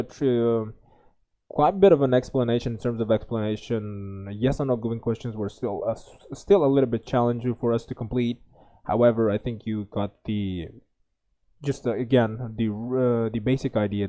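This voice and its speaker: Uzbek-accented male tutor, mellow tone, halting think-aloud delivery. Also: mid-range voice. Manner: hesitant, many fillers and restarts. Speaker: IELTS tutor. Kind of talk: think-aloud exam lesson.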